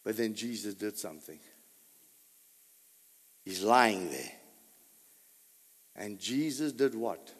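A man preaching a sermon as pastor, full of rhetorical questions and sudden loud bursts. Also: on the low side, lively intonation, slow, pauses often. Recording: long hall reverb.

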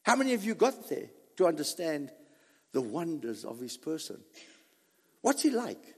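High, lively man preaching with long pauses. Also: slightly rough, long reverb tail. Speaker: pastor. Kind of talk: sermon.

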